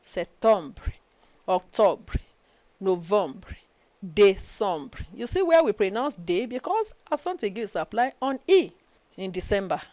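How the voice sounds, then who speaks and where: A French language lecturer with a Nigerian English accent teaches a recorded study-session lesson, saying each phrase twice and checking in with "okay?". Her medium-pitched voice is very animated and unhurried, with a darkish tone and no room sound.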